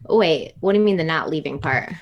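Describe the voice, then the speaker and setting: A woman's voice: low voice, animated, a little fast, dull audio. A woman co-hosting a casual live stream, chatting and teasingly reading names from the chat aloud.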